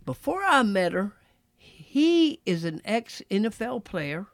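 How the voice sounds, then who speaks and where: Man from Texas, middle-aged, raspy gravelly voice, easygoing rambling stories, dry sound. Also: sits high, dry recording. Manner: relaxed, drawn-out storytelling with asides. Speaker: former jockey, interview guest. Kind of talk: casual storytelling.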